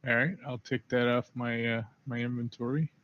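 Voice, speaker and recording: A man's voice: medium pitch, fairly even intonation, normal speed, fairly bright tone. A man playing an online tabletop game, speaking hesitantly with many fillers. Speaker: player. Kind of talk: casual tabletop game play.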